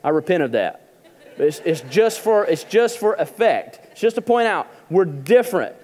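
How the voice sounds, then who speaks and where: A man's voice: high-pitched, animated, moderate pace, a little mellow, big-room sound. A male pastor preaching a humorous, conversational sermon in a church. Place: church auditorium.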